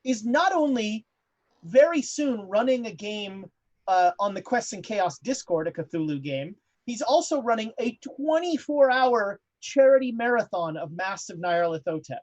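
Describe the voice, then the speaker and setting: A woman's voice: medium pitch, sing-song, a little mellow. A woman hosting a tabletop game stream, chatting casually between sessions and stalling often on fillers and restarts. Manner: halting, many fillers and restarts. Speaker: host of the show. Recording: dull lo-fi audio.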